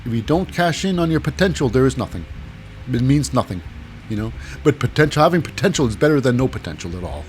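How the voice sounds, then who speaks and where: A man's voice: medium pitch, sing-song, fast, soft background music. A man casually recapping wrestling matches alone, rambling and sarcastic, often acting out what people said in silly voices. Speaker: wrestling show recap host. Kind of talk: casual solo recap commentary.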